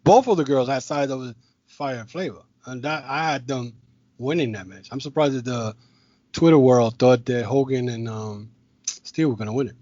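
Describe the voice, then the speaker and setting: A man hosts a podcast in loose, casual chat, rambling and circling back on himself as he talks. His voice is mid-pitched. The sound is dull and lo-fi, with a dry, close mic. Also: normal speed, darkish tone, no echo. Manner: rambling, with many restarts and filler. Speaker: podcast host.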